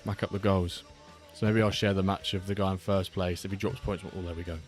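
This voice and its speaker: A man's voice: low voice, level tone, brisk. A man hosting a casual live stream, rambling and reading out viewer messages. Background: faint background music.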